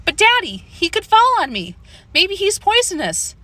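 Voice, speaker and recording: A woman's voice: very high voice, moderate pace, pitched above the performer's own voice, full character voice. A woman voicing a scared young girl who pleads and frets in an audiobook reading. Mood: pleading. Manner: pleading, excitable.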